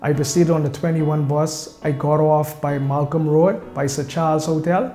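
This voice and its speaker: A young man tells his own story step by step, pausing for fillers and giving detailed street directions. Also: a little high, fairly even intonation, warm tone. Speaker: interviewee. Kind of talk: personal storytelling. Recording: echoey room with faint music behind.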